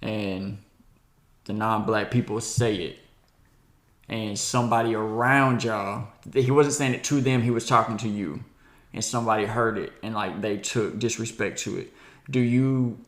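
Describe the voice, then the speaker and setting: A man's voice: lowish voice, steady tone, normal speed. A man hosting a casual podcast discussion, asking probing questions. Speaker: podcast host. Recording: echoey room.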